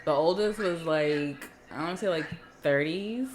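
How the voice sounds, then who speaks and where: A woman's voice: sits low, a little slow, crowd noise. A young woman co-hosting a podcast in casual chat, blunt and giggly, with lots of "like". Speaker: podcast co-host. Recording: echoey room, group voices.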